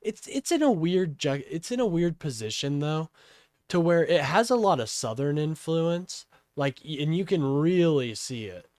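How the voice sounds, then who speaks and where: This young man from Kansas has a fairly high, slightly mellow voice with lively intonation and a moderate pace. Hosting a casual political livestream, he rambles to his chat with plenty of fillers, and the sound is clean studio quality with no echo.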